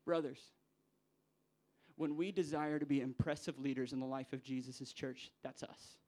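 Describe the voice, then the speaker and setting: A young man, a pastor preaching a sermon to church leaders, acting out quoted voices with big jumps in pitch. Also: steady tone, moderate pace, a little mellow. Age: young adult.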